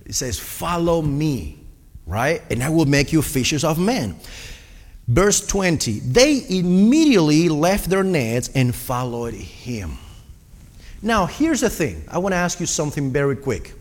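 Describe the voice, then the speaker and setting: Man preaching to a congregation, earnest and direct, fairly high voice with lively swings, reverberant church hall. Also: a little slow. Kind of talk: sermon with personal testimony.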